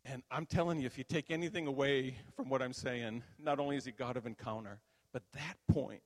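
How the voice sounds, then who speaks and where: An older man preaches in a chatty, story-driven way, tossing in asides to his listeners. His voice sits at a middling pitch and rises when a story reaches its peak. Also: fairly quick, few pauses, in a large hall. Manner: conversational storytelling, animated at high points. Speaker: minister. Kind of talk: sermon testimony.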